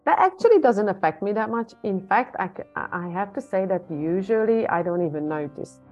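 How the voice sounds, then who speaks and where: A woman co-hosting a casual podcast, warm and encouraging, chatting in an animated way. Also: mid-range voice, fairly quick, muffled recording, soft background music. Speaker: podcast co-host.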